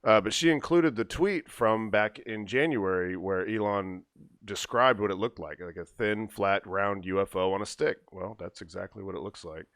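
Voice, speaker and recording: A low-voiced man hosts a podcast and calmly walks his co-hosts through tech news in a loose, conversational style. His voice is recorded dry and close, with no room echo. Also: moderate pace. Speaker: podcast host. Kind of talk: casual chat.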